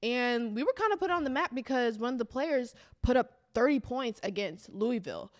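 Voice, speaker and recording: A young woman, a podcast guest telling her story in an animated way and acting out the quotes. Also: on the high side, moderate pace, dry recording, clean studio sound. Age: young adult. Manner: animated, acts out quotes in voices.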